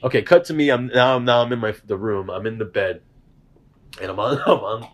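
A man's voice: mid-range voice, fairly quick. A man hosting a casual chat, telling a story with lots of laughter and acted-out voices. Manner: animated, laughing, acts out voices in his stories. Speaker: host.

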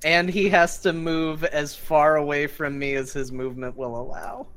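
A man playing a tabletop game, slowly describing what his character does. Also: fairly high pitch, flat delivery, fairly bright tone, smooth. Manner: slow, deliberate, describing his character's actions. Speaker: player. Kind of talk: casual tabletop play.

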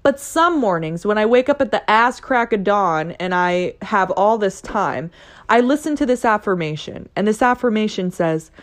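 A young adult woman hosting her own podcast, talking casually and playfully, cussing and acting out excited voices. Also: mid-range voice, normal speed. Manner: chatty, profane, playful, mimics excited voices. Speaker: podcast host. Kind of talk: casual solo podcast talk.

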